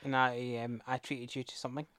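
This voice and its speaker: A man's voice: mid-range voice, level tone, fairly quick, a bit bright, dry recording, studio quality. A man co-hosting a casual podcast, easygoing and agreeable. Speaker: podcast co-host. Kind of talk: casual chat.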